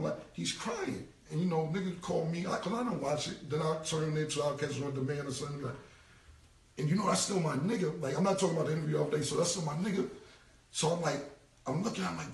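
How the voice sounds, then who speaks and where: Blunt, gravelly-voiced New man ranting. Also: a little high, quick pace, a little mellow, reverberant, far from the mic. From United States. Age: 40s. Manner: blunt, repetitive street talk. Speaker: rapper. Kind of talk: casual Instagram live rant.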